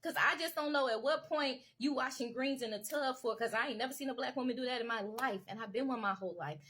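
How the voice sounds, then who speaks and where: A woman's voice: on the high side, fast talker, fairly bright tone, slight background noise. A woman commentator delivering an impassioned political rant to camera. She talks emphatically and repetitively in casual everyday speech, urging her listeners again and again to wake up. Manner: casual vernacular with lots of y'all.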